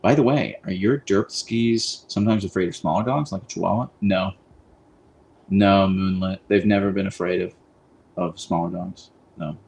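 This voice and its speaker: A man with a lowish voice hosts a relaxed live stream, speaking into a boom mic. He rambles in a friendly, easygoing way, full of ums and likes. A faint hum sits behind him. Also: moderate pace, creaky, poor audio. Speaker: livestream host. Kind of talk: casual live-stream chat.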